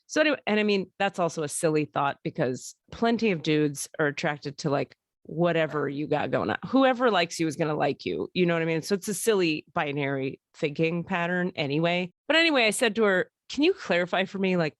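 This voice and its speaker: A woman's voice: lowish voice, no room sound, studio quality. A woman hosting a podcast, telling long casual stories, swearing freely and laughing as she talks. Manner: chatty storyteller, swears, laughs often. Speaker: podcast host. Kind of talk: casual chat.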